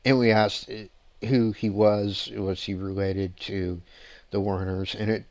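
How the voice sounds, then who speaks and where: A low-pitched man hosts his own paranormal show and recounts ghost hunts in an animated, rambling way. He laughs often and restarts his sentences. The recording is dry and close. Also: a little slow, dry recording. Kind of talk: casual storytelling on a show.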